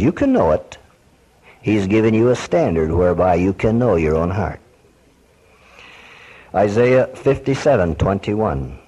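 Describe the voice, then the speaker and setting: A man's voice: fairly low pitch, very animated, measured pace, darkish tone, breathy edge, low-quality recording. A man preaching a sermon, quoting scripture and questioning his listeners.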